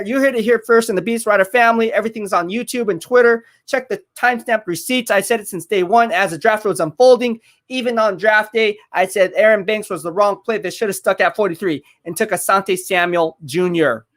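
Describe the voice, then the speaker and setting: This streamer hosts a football watch party live, chatting to viewers and reacting to the action with excitement, often going back over his points. He has a high voice and talks a little fast.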